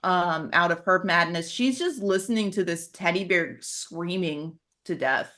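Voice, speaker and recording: A woman's voice: on the low side, a little slow, fairly bright tone. A woman narrating a horror tabletop game as game master, casual and chatty. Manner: casual, chatty, laughs easily.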